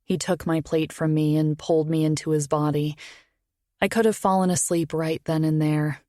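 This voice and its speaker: A woman narrating a first-person romance audiobook in an intimate, even storytelling manner. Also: low voice, normal speed, no room sound, studio quality.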